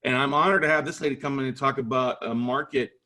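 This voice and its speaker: A man's voice: medium pitch, steady tone, fast talker, bright, forceful tone. A man hosting a podcast interview, enthusiastic and chatty, with lots of "uh" and "you guys". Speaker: podcast host.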